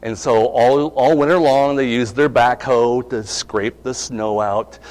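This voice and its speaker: A man's voice: mid-range voice, steady tone, a little slow, a little mellow. A middle-aged male pastor preaching a sermon, conversational and asking his congregation questions. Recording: long reverb of a hall.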